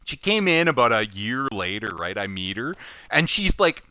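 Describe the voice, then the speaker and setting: A man casually telling an anecdote from his job, animated and full of "like", laughing as he goes. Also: mid-range voice, moderate pace, no echo. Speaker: recycling plant worker telling a story.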